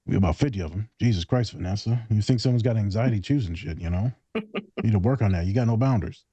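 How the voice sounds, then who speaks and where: A man's voice: lowish voice, quick pace, mellow, slightly rough, no echo, highs cut off. A man co-hosting a podcast in casual chat, joking and rambling, swearing casually. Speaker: podcast co-host.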